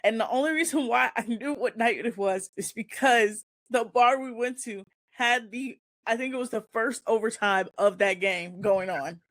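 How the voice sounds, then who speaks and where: Speaking at a normal speed with few pauses, a woman with a fairly high voice hosts a casual chat show, recorded without room sound. She recounts a long story about herself in a lively way, acting out the dialogue.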